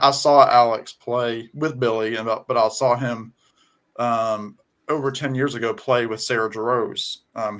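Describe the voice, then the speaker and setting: A man with a Southern US twang, talking casually on a video call and pausing often with ums and restarts. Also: medium pitch, fairly bright tone. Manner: halting, many ums and restarts. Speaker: guest on music chat. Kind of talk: casual conversation.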